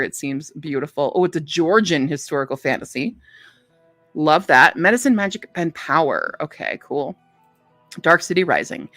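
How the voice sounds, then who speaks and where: A woman's voice: on the low side, a bit bright, no echo. A woman hosting a casual livestream, chatting and reading book blurbs aloud. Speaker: book streamer.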